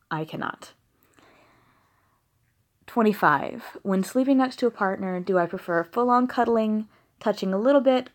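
A woman from the American South reading listener questions aloud and answering them frankly, with laughing asides. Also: medium pitch. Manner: frank, blunt, giggly asides. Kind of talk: casual question-and-answer monologue. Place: at home with a dog nearby.

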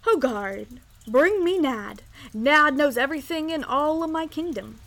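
A woman voicing a blustering, impatient king who speaks in a loud, commanding way. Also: high-pitched, animated, unhurried, voice pushed up, full character voice.

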